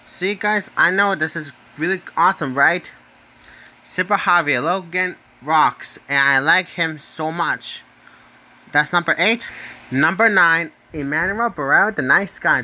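Slow-talking bright-voiced man rambling casually. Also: high-pitched. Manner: rambling, repetitive, keeps asking "right?"; stumbles over names and corrects himself. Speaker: channel host. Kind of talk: casual screen commentary ranking users.

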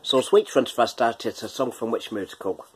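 A man's voice: mid-range voice, fairly quick, a little hiss or hum. A man hosting a casual quiz from his kitchen, chatty, laughing often and breaking into bits of song. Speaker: quiz host. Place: home kitchen.

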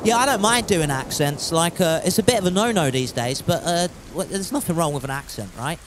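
A man's voice: fairly high pitch, lively intonation, brisk, very noisy. A man chatting casually while streaming a game from home, reading chat aloud and swearing freely.

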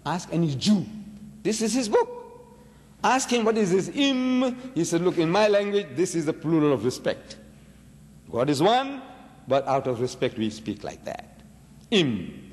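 A man giving an emphatic religious debate lecture to an audience, full of rhetorical questions and big swings in pitch, slowing down to stress his points. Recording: reverberant hall recording.

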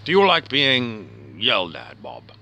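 A man performs a grumbling middle-aged outback husband. His voice is low and gravelly but bright and forceful, and it swings widely in pitch as he rambles, questions himself and sinks into a mutter. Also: wildly swooping pitch, a little slow, heavily acted. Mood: musing. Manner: rambling, self-questioning, drops to a muttering whisper. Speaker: comedian. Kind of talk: comic character monologue.

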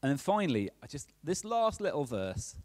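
Lively man preaching. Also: on the high side, normal speed, dry recording. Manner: chatty, checks in with "okay?" often. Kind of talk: conversational sermon.

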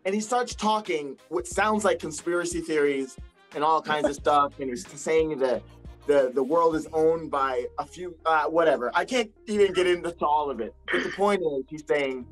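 A man, a wrestler, telling stories in a casual interview over a video call, acting out quotes with big jumps in pitch. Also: normal speed, soft background music. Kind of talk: casual storytelling.

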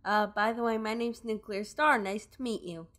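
A woman's voice: on the high side, fairly even intonation, normal speed, fairly bright tone, lightly acted. Woman reading a polite game hero. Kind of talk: live dub of game dialogue.

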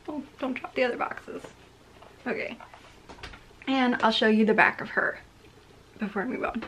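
A woman's voice: a little high, fairly quick, pauses often, whispered. A woman collector gushing through a casual unboxing vlog at home, talking into a handheld camera. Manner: gushing, excitable. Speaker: collector vlogger.

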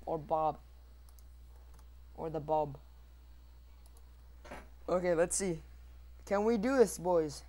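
Goofy slow-talking young gamer guy. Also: warm tone. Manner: goofy, mouths shooting sound effects in squeaky bursts; rambling, self-mocking asides to viewers. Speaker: gamer recording his own match. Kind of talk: casual gameplay commentary.

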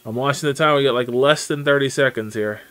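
A man's voice: medium pitch, fast, fairly bright tone. A man streaming a game live, chatting casually and greeting viewers by name as he plays. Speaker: gaming streamer. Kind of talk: live gameplay commentary.

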